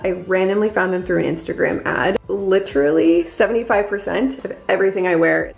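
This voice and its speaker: A woman's voice: mid-range voice, gravelly. A woman in her thirties chatting casually to camera in a lifestyle vlog, bubbly and talking straight to her viewers. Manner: chatty, bubbly, addresses viewers as "you guys". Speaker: vlogger, working mom.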